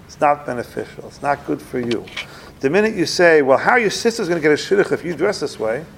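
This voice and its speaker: Gravelly-voiced man giving a relaxed talk. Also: a little hiss or hum. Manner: conversational, plays out dialogues with rising pitch, repeats himself. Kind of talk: informal Torah talk.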